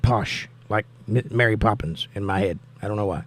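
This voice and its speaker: A man's voice: lowish voice, moderate pace. Upbeat older man hosting a live chat. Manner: upbeat, animated greetings to viewers. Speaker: host. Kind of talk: live-stream chat reading viewer comments.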